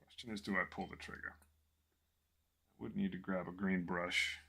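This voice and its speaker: A man casually thinking aloud to himself while painting a miniature in his small home office, relaxed and self-deprecating. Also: low-pitched, normal speed, creaky, husky.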